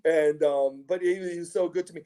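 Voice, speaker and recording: Brisk and fairly even in intonation, this middle-aged man's voice sits on the high side with a dark tone. A former pro wrestler, he shares casual stories in an interview, often repeating words, restarting, and chuckling.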